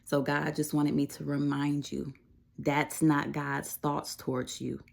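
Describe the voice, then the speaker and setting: A woman sharing a casual devotional message, conversational and reassuring, with frequent fillers and soft laughs. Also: low-pitched, flat delivery, a little slow, gravelly. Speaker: Christian devotional speaker.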